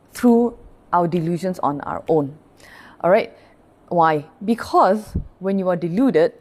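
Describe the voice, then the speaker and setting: A woman's voice: fairly low pitch, darkish tone. A woman pastor gives a livestreamed Buddhist dharma talk, explaining patiently and often checking in with her listeners. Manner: greets live viewers by name between points.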